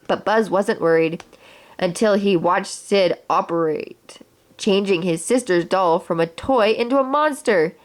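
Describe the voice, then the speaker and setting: A woman reading a children's storybook aloud in a clear, steady storytelling way. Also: medium pitch, unhurried.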